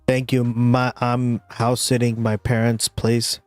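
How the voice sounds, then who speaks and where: A man's voice: mid-range voice, completely flat delivery, slow, a little mellow, no room sound, soft background music. Chatty man saying "right?" a lot. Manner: rambling, keeps adding "right?". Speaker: streamer commenting on news. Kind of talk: casual political commentary. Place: his parents' house.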